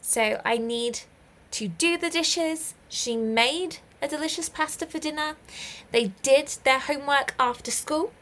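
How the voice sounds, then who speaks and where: A woman's voice: sits high, measured pace, a bit bright. A young British woman teaching English in a live online lesson, encouraging learners and praising them often with light laughs.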